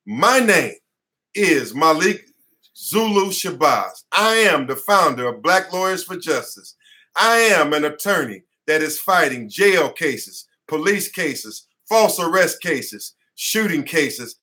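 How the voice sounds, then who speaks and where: Man, attorney teaching a class, high-pitched, bright and forceful, preacher-like repetition, sweating. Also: big pitch swings, takes it slowly. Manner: fiery, preacher-like, repeats phrases for emphasis. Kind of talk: impassioned online class lecture. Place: his headquarters office.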